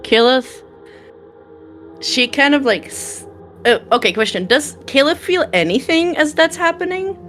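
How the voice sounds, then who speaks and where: A woman's voice: high-pitched, lively intonation, unhurried, fairly bright tone, faint music behind. A woman playing a tabletop role-playing game, describing her character's actions hesitantly as she thinks aloud. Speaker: player.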